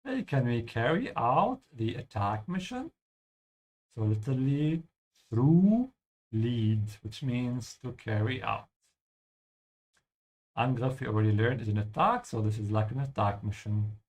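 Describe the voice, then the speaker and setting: A man's voice: medium pitch, lively intonation, a little slow, darkish tone. A man teaching German while playing a game, explaining patiently and ending his points with "yeah?". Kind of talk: language lesson over gameplay.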